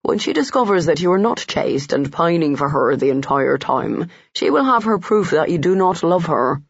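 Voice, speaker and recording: A man reading a gruff, grumbling Irishman. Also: on the high side, expressive, normal speed, dry recording. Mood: wry. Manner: dry, grumbling. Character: gruff, wry Irishman, Colin's worldly friend. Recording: dull lo-fi dry audio.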